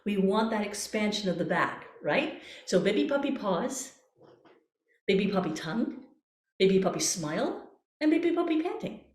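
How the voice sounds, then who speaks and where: A woman's voice: mid-range voice, lively intonation, moderate pace. Woman, voice coach, encouraging, playful, workshop teaching, roomy echo. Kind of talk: online voice workshop.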